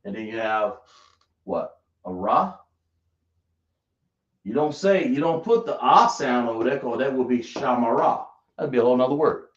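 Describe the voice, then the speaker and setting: A man teaching a class, slowly spelling out sounds and quizzing his students. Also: mid-range voice, animated. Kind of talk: classroom lesson. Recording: roomy, dull lo-fi sound.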